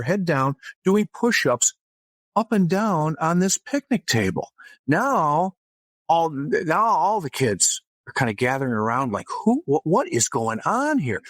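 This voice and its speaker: A man with a fairly high voice tells a story as an interview guest, lively and casual. He often restarts his sentences as he goes. The recording is dry and close. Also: dry recording. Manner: animated anecdote-telling with frequent restarts. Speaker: guest author.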